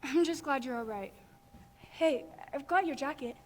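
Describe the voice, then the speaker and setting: A woman's voice: high-pitched, moderate pace, a little hiss or hum, natural voice. A woman acting a caring young woman, the hero's girlfriend, earnest and emotive in a live stage musical. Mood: comforting.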